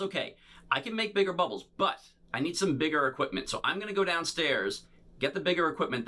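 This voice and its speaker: Man, children's bubble performer, playful, interactive kids' show, bright tone, slightly higher pitch. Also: fast. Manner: playful, talks to unseen young audience; animated and showy.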